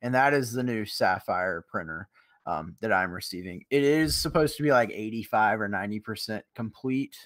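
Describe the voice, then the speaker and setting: A man's voice: on the low side, normal speed, fairly bright tone. A young man co-hosting a casual live stream chat, speaking hesitantly with frequent restarts. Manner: hesitant, many fillers and restarts.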